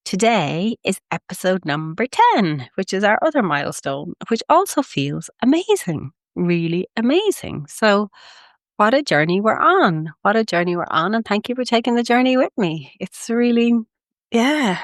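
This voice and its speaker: An Irish woman hosting a reflective spiritual podcast, a bit gravelly and sniffly from a head cold, talking in a gently effusive, repetitive way. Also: mid-range voice, no echo, clean studio sound. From Ireland. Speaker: podcast host.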